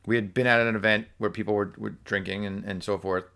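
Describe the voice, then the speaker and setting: A man telling a workplace story in casual conversation, animated and full of fillers like "like" and "so". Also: fairly low pitch, quick pace. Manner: animated storyteller acting out quotes, many fillers. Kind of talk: casual podcast chat.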